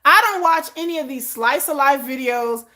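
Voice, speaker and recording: A woman's voice: high-pitched, normal speed, pushed and bright. A woman host ranting through a commentary vlog, sarcastic and exasperated, swearing freely and mocking others in exaggerated voices. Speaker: K-pop news commentator.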